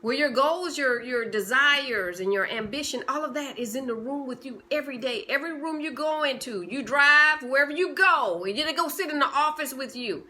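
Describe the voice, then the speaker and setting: A woman's voice: high-pitched, expressive, normal speed, few pauses, bright, forceful tone. A woman giving a passionate motivational talk, pressing her listeners with repeated rhetorical questions. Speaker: motivational speaker.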